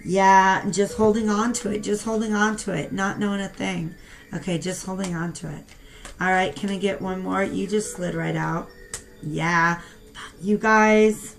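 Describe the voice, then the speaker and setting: A young woman giving a casual tarot reading and talking straight to her viewers in a chatty, animated way. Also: medium pitch, a little slow, vocal fry, soft background music. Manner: chatty and animated, talks to viewers as "you guys". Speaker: tarot reader.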